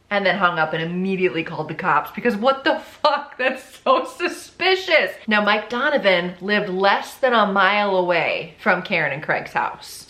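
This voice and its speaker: A young woman tells a true crime story in a casual, blunt way, and she tosses in offhand asides as she goes. Her voice is bright and forward. The room around her is echoey. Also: fairly low pitch. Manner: chatty and blunt, with swearing and asides.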